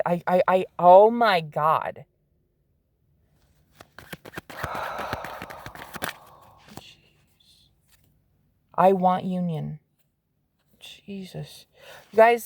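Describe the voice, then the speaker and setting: A woman giving a casual tarot reading to her viewers, excitable and swearing freely, swinging from hushed asides to loud exclamations. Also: mid-range voice. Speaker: psychic medium and tarot reader.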